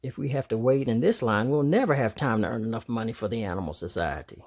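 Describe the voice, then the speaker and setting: A man's voice: medium pitch, expressive, fast talker, a little mellow. A man reading a storybook aloud, voicing a mischievous, scheming boy chipmunk with a cheeky, wheedling manner. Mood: brisk.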